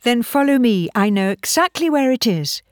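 A woman's voice: on the high side, sing-song, moderate pace, no room sound, pitched above the performer's own voice. Casting: woman playing a protective young heroine, raised and breathless, dry read. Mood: gentle. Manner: urgent and breathless.

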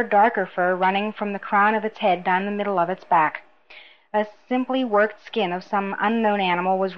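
A woman reading a novel aloud in a measured, even narration. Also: medium pitch, lo-fi sound. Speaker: audiobook narrator. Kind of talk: scripted narration.

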